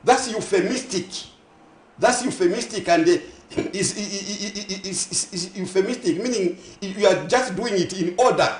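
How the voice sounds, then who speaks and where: His high voice moves at normal speed in a roomy-sounding TV studio. The man, a morning talk show guest with a Zambian accent, argues emphatically in a passionate discussion, layering synonyms and asking if his listeners are following.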